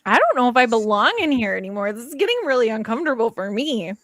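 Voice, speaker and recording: A woman's voice: fairly high pitch, sing-song, fast, fairly bright tone, no echo, clean studio sound. A woman hosting a livestream, chatting casually with playful, teasing banter. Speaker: livestream host. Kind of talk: casual chat.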